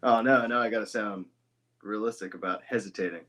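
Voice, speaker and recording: A man with a very deep voice that still sounds bright and forceful up front. He rambles loosely through a casual podcast chat, tossing in swears and side remarks. The talk stays relaxed and offhand. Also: brisk. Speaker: guest voice actor.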